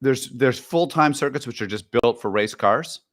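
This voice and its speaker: A man co-hosting a podcast, chatting casually and rambling with restarts. His voice sits at an ordinary middle pitch. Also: normal speed. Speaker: podcast co-host. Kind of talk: casual chat.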